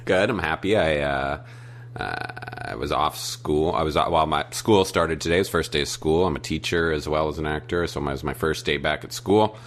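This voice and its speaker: A man's voice: rumbling low, fairly quick, a bit bright. A man co-hosting a casual podcast, joking and rambling with fillers. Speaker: podcast co-host, teacher and actor. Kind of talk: casual chat.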